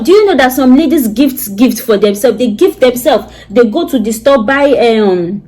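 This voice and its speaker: A woman's voice: fairly high pitch, darkish tone, low-quality recording. A woman, giving earnest, repetitive advice straight to camera in a vlog. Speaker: vlogger.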